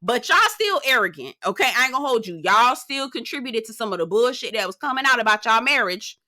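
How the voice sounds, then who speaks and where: Young woman TV reviewer: bright, sharp tone, animated and profane, punchy repetition. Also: on the high side, quick pace. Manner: animated, profane, emphatic repetition, laughs often. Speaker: TV show reviewer. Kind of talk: casual reality TV recap commentary.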